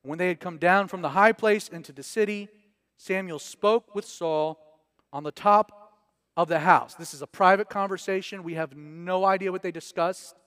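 Man, pastor, casual joking sermon, high voice, dry close sound. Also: normal speed, a bit bright, no room sound. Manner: conversational and joking, with slang asides. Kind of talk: sermon, casual verse-by-verse teaching.

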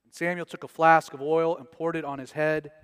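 A man's voice: on the high side, little pitch movement, a little fast, a bit bright, smooth, no echo. A man preaching a casual verse-by-verse sermon as pastor, conversational and joking with slang asides.

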